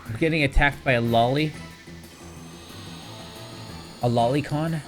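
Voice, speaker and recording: Male game streamer, casual rambling commentary, middle pitch, trails off into mumbles. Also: fast, soft background music.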